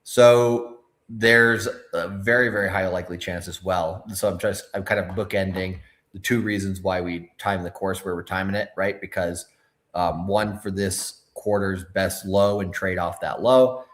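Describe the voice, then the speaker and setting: Very deep-voiced man hosting a casual stream. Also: fairly even intonation, measured pace, fairly bright tone. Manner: loose and conversational, frequent filler words and swearing. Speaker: co-host of a crypto livestream. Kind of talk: casual livestream chat.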